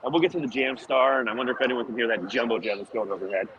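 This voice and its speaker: A man's voice: medium pitch, fairly even intonation, rapid-fire, fairly bright tone, highs cut off, slight background noise. A man hosting a casual sports podcast, out of breath, rambling through analytical basketball talk with fillers. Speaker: podcast host. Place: outdoors, walking and climbing stairs.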